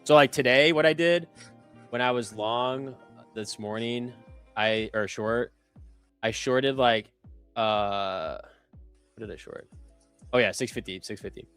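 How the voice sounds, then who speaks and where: Young male trader, casual rambling delivery, clear low-leaning voice, light music bed. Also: a little slow, long pauses, a bit bright. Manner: loose, rambling, lots of "like" fillers and self-corrections. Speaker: trader on a live trading stream. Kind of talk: casual chat.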